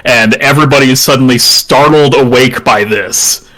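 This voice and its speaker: A good-humored man serves as dungeon master, narrating a tabletop game in a relaxed, conversational way. He sets scenes and rules on actions with easy amusement, often breaking into a chuckle. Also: mid-range voice, normal speed, low-quality recording.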